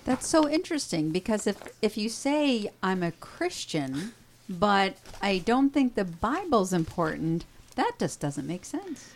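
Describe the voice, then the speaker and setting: A woman's voice: mid-range voice, sing-song, unhurried, slight background noise. A woman co-hosting a casual Catholic radio talk show, agreeable and affirming. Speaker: co-host.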